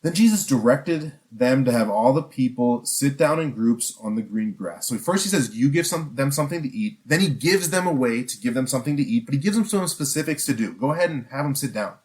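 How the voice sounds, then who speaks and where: A man's voice: medium pitch, animated, a little fast, hardly any pauses, a little mellow. A man preaching a sermon in an earnest, conversational way, asking the listeners questions and often restarting his sentences. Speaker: pastor.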